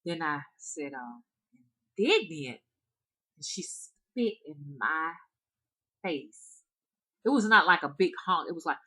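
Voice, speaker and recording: A woman spiritual reader softly and hesitantly telling her viewers a story, with frequent restarts. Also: low voice, low-quality recording. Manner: soft-spoken, hesitant, with restarts.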